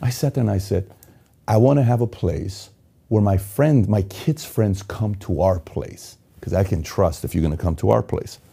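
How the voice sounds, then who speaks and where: A man from Iran giving an intense motivational monologue, swinging between loud urgency and quiet emotion. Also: lowish voice, normal speed, creaky, breathy edge. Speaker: motivational speaker.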